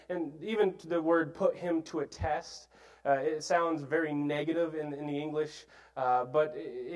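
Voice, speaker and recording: Man teaching a sermon, slightly high voice. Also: darkish tone, rough recording. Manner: earnest teaching with frequent fillers and restarts. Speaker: preacher.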